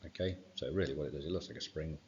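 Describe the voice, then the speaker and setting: Male science teacher, very low voice, muffled reverberant recording, casual revision walkthrough. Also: rapid-fire. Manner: informal, fills with "right" and "okay". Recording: dull sound with long reverb.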